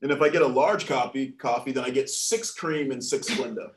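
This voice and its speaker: A man's voice: medium pitch, brisk. A man telling jokes casually to program participants, laughing at his own punchlines. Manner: chuckles at his own jokes, lively delivery. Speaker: joke reader for program participants. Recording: echoey room.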